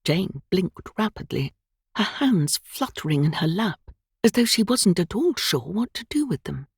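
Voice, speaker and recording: A woman reads a cosy mystery audiobook in an expressive, measured way. Her voice sits on the low side with a husky texture, and her intonation moves a lot. The sound is close and dry. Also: dry recording. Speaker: audiobook narrator. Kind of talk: scripted narration.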